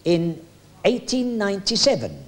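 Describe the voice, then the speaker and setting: A man's voice: high-pitched, huge pitch swings, measured pace. Chatty older showman. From England. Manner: chatty and jokey, with hesitant fillers. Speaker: retired music hall entertainer reminiscing. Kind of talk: anecdotal storytelling.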